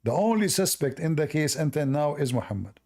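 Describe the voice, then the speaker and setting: A man who is not a hosts a call-in debate, arguing in a sarcastic, emphatic way while his voice is going hoarse. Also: a little high, expressive, fairly quick, darkish tone. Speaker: host.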